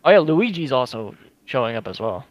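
A man co-hosting a podcast in casual chat, eager and excitable. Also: medium pitch, brisk, no room sound, dull audio.

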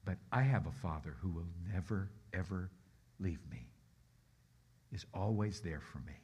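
A man's voice: low voice, normal speed, slightly rough. A middle-aged man preaching as a guest pastor, telling stories with animation and leading the crowd in repeating a phrase. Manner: animated, acts out voices, leads the crowd in repeating lines. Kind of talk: storytelling sermon.

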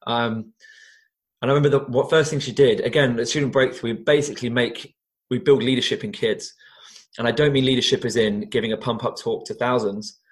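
A man's voice: mid-range voice, fairly quick. Earnest young man telling stories. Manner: earnest, animated storyteller with frequent restarts. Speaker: guest, former teacher and youth coach. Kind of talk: conversational interview storytelling.

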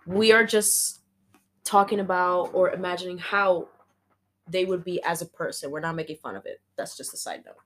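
A young woman in casual chat, making up a story with a friend and laughing often. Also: lowish voice. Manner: laughs often, acts out characters in quick voices.

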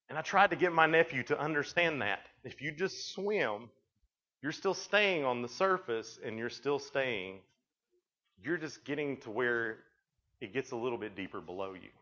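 A man's voice: medium pitch, sharp tone. Man preaching in a rambling way. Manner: rambling storytelling, frequent restarts. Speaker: youth camp speaker. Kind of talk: sermon. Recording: dull lo-fi recording.

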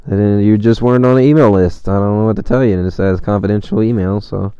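A man's voice: lowish voice, fairly even intonation, fast, mellow, clean tone, no echo, dull audio. A young man casually telling a rambling, slang-heavy story of his travels, swearing often.

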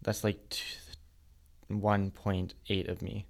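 A man's voice: on the low side, flat delivery, takes it slowly, gravelly. A young man bantering and teasing his co-host in casual podcast chat.

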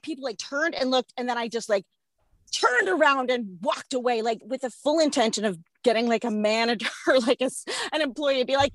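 A woman in her thirties with a somewhat high voice tells a comic story in casual chat, swearing freely and laughing at herself. She swings from low mutters to loud bursts as she acts out the scene. The recording is close and dry, with no room sound. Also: normal speed, no room sound. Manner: profane, self-mocking, animated storyteller.

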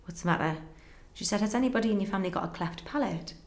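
A young woman, a guest in an interview, earnestly tells a personal story and acts out conversations in quick back-and-forth. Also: mid-range voice. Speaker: guest telling her story. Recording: roomy echo.

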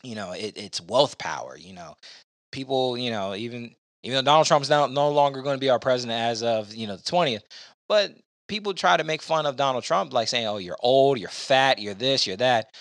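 A man's voice: mid-range voice, lively intonation, a little fast, a bit bright, no room sound. A man hosting a casual podcast, giving blunt opinions in a rambling way with lots of fillers. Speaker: podcast host.

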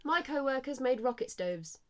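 Bubbly woman, slightly high voice, casual co-host. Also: lively intonation, moderate pace. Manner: bubbly, laughs easily. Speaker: radio show co-host. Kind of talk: casual live-stream chat.

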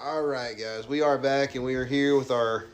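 A man's voice: medium pitch, steady tone, normal speed, slight background noise. Easygoing man hosting a podcast. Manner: easygoing, runs the segments. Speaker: podcast host. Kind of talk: casual chat.

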